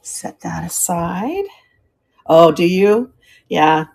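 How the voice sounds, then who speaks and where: A woman's voice: on the low side, animated, very slow, creaky, a little mellow, a little hiss or hum. An older woman, a retired teacher, chatting casually as she sells vintage items on a live stream and stops now and then to hunt for words. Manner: chatty, friendly, describes items while hunting for words. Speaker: live-stream auction seller. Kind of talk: casual live selling chat.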